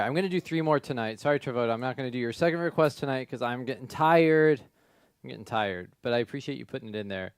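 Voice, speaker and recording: A man hosting a music request livestream who chats casually and thinks out loud, his voice running through a flanger effect. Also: mid-range voice, clear, resonant tone, clean studio sound. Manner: rambling, thinks aloud, laughs at himself. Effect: flanger and reverb on his voice.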